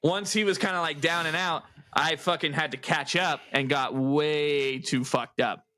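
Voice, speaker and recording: A man's voice: on the high side, fairly even intonation, measured pace, sharp tone. A man co-hosting a podcast, telling stories in casual chat, laughing often and swearing freely. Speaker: podcast co-host.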